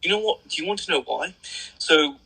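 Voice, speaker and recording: A young English man speaking as an interview guest, talking in a blunt, joking and animated way. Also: fairly high pitch, a little fast, vocal fry, breathy edge, rough recording. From England. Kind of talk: casual interview chat.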